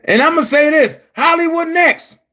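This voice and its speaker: A man delivering a heated, profane rant to his viewers, shouting at times. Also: very high-pitched, moderate pace. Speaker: commentary vlogger. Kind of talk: angry rant to camera.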